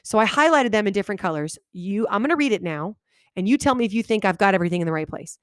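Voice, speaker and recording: A woman teacher giving a video lesson to her students, talking animatedly and reading example sentences aloud with big exaggerated pauses. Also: fairly low pitch, expressive, dry recording, clean studio sound. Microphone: webcam microphone.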